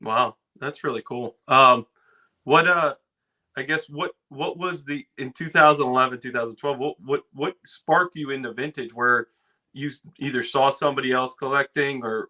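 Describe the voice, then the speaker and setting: A man hosting a casual interview, asking questions in halting starts and restarts. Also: medium pitch, pushed and bright. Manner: halting questions with many restarts, laughs easily. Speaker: interview host.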